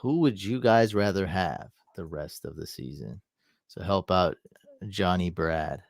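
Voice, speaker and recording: Low-voiced man streaming fantasy advice. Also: lively intonation, measured pace, creaky, no echo, clean studio sound. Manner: thinks aloud, answers chat questions. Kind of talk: casual live-stream advice.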